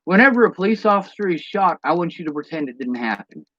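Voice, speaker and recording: A man's voice: on the high side, sing-song, quick pace, bright, forceful tone, no room sound, dull audio. A man delivering a blunt, profane rant as a monologue to camera, throwing out rhetorical questions. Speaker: vlogger.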